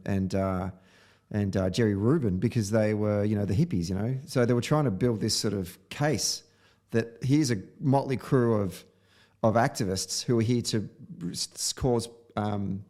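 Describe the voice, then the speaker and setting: A man's voice: on the low side, a little mellow. A man hosting a podcast, giving a blunt, opinionated film review in casual chat, sometimes swearing. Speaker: podcast host.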